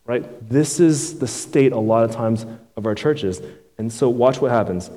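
A man's voice: medium pitch, unhurried, dark tone, in a large hall. A male pastor delivering a sermon in a loose, conversational way, often checking in with his listeners. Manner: conversational preaching, keeps tagging "right?" and "man".

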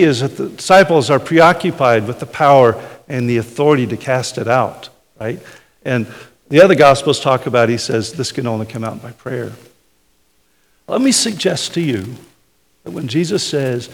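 Gravelly-voiced man preaching. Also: a little high, animated, a little slow, pauses often. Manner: conversational, tags points with "right?". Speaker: pastor. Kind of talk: sermon. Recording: hall reverb.

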